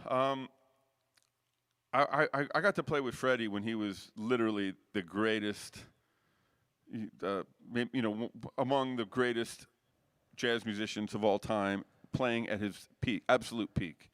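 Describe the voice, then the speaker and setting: A middle-aged jazz saxophonist, appearing as a guest in a casual interview, tells rambling anecdotes and keeps restarting his sentences. His voice sits on the lower side, a little slow, with a fairly bright, clean tone, captured on a dry close mic.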